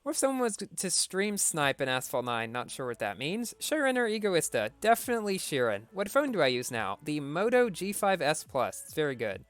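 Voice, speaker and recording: Smooth-voiced male streamer answering chat. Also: a little high, very animated, normal speed, hardly any pauses, fairly bright tone, no echo. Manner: reads viewer questions aloud and answers briefly. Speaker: game streamer. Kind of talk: casual live-stream Q&A.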